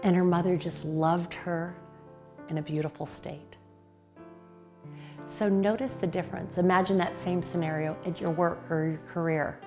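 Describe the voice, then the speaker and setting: A woman life coach giving a motivational talk, telling a client's story earnestly with emphatic pauses. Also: lowish voice, steady tone, darkish tone, faint music behind.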